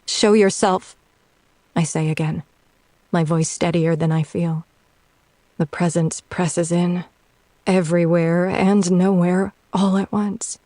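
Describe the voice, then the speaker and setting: A woman narrating a dark romance audiobook in first person, unhurried and tense, also voicing a nervous heroine. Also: lowish voice, little pitch movement, no echo. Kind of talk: dramatic audiobook reading.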